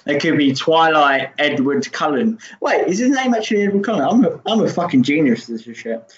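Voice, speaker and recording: A man riffing on a podcast in a high, bright-sounding voice, cracking jokes and swearing freely. The recording is dull and lo-fi, with a roomy echo and faint background noise. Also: animated, a little fast. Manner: joking, sweary, laughing often. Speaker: podcast co-host. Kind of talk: casual chat. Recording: echoey room, dull lo-fi audio.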